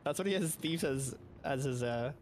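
A man chatting casually with a teammate while playing, giving quick tactical callouts and swearing now and then. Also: medium pitch, a little hiss or hum. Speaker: gaming teammate. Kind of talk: casual gaming chat.

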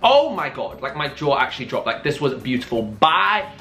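A young British man with a bright, forceful voice delivers camp and sassy fashion commentary, his pitch leaping all over the place. The room is echoey, with faint music playing behind him. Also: very animated, moderate pace. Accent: British English. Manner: camp, sassy and theatrical, swings into squeals. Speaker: YouTube commentator. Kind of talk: casual reaction commentary.

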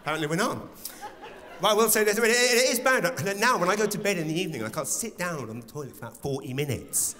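A man in his forties performing live stand-up comedy in a large theatre, animated and building to loud exclamations. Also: high voice, fast, a little hiss or hum. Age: 40s. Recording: reverberant live theatre with audience.

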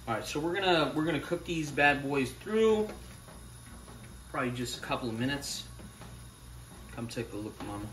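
This kitchen host has a mid-range, slightly bright voice, animated and moderately paced with frequent pauses. He runs a casual home cooking demo full of swearing and hype for the food, recorded roomy from a distant mic with slight background noise.

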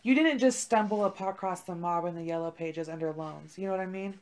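A woman's voice: lowish voice, fairly quick, darkish tone. A young woman co-hosting a podcast, telling a story in a laid-back, profane chat full of "like". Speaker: podcast co-host. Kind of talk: casual chat.

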